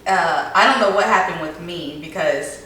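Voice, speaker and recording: A woman's voice: on the low side, normal speed, pushed and bright. A woman who grew up in the southern United States, talking through her thoughts in a casual podcast chat with many fillers. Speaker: podcast co-host. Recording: very echoey room, mic far off, faint hiss.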